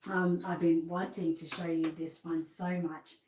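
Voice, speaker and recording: A woman's voice: sits low, flat delivery, a little slow, darkish tone, slight background noise. A middle-aged Australian woman presenting dolls for sale in a bubbly, chatty way, often laughing at herself. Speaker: doll seller and presenter. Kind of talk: chatty live sales showcase. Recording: roomy echo.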